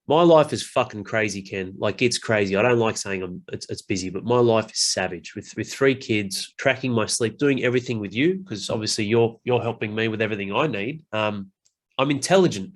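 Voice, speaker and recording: A man hosting a casual podcast chat, blunt and animated, swearing freely and mimicking other people. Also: on the low side, fairly quick. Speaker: podcast host.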